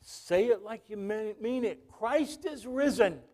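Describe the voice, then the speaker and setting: A man's voice: high-pitched, lively intonation, slow pace, a little mellow. A male pastor preaching a sermon, telling a story and calling out to the congregation.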